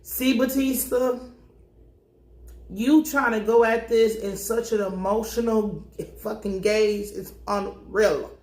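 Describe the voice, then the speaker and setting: A TV recap vlogger, a young adult woman, speaks slowly in a slightly high, steady, darkish voice. She jokes, swears and uses slang as she casually recaps an episode, in a room with noticeable echo.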